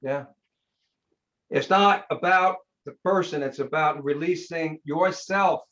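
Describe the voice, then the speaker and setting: A man's voice: a little high, slow pace, a bit bright. A man, a hypnotherapist guest on a podcast, telling a story in blunt, emphatic bursts. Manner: emphatic, blunt, punchy short phrases. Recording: slightly dull lo-fi sound.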